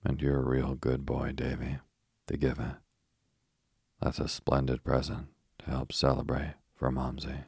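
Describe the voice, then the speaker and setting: A man voicing a resourceful young girl who looks after her brothers, earnest and gently bossy. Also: rumbling low, completely flat delivery, unhurried, gravelly, husky, dry recording, studio quality, exaggerated voice. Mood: kindly. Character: young girl, eldest sister, caring and resourceful.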